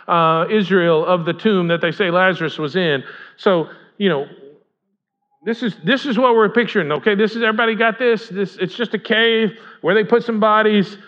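A pastor delivers a sermon in a casual, talkative way, often checking in with the room through questions. His voice sits high for a man. The recording has a muffled, lo-fi quality. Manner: conversational, asks the congregation questions. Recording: dull lo-fi sound.

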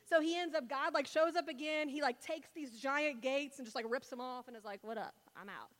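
A woman's voice: high-pitched, fairly even intonation, brisk, fairly bright tone. A young woman giving a casual, playful sermon, retelling Bible stories and acting out the characters in mock voices. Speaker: speaker preaching to a congregation. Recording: long hall reverb.

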